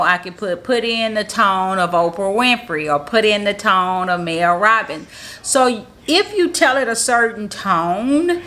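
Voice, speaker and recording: A woman's voice: mid-range voice, fairly bright tone. A woman, a marketing strategist, giving a casual how-to tutorial in an upbeat, positive, motivational way, restating her points in plain, encouraging talk.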